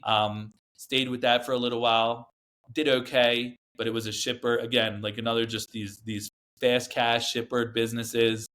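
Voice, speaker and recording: Man, podcast guest, casual storytelling, earnest, rambling, mid pitch. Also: level tone, normal speed, a bit bright. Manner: rambling, earnest, many fillers and restarts.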